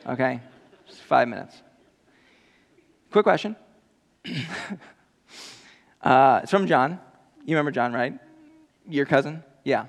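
A man's voice: medium pitch, slow pace, gravelly, long pauses. A man voicing an awkward, nervous male disciple who hesitates and stammers. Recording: long hall reverb.

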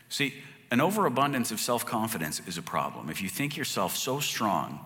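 A man's voice: on the low side, big pitch swings, fairly quick. Man preaching in a reverberant hall. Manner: conversational, swings from loud to hushed. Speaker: pastor. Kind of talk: sermon.

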